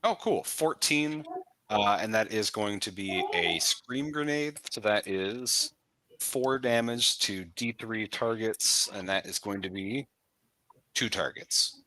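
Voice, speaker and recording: Bright-voiced man playing a tabletop game. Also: lowish voice, slow, dry recording. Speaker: player.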